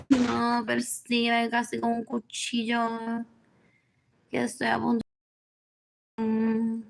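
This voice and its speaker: A woman in her forties rambles through a livestream at an unhurried, dragging pace. Her fairly high voice carries a gravelly fry throughout. She circles back on the same phrases, sinks into near-whispers, and slips between English and Spanish. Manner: repeats herself, drifting between muttering and near-whispers; switches between English and Spanish mid-thought. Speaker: livestream host. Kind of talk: rambling live-stream monologue.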